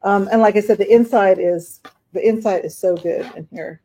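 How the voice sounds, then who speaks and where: Woman host, live-stream auction seller, casual rambling chat, mid pitch. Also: moderate pace. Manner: chatty, rambling, warm toward bidders, many fillers.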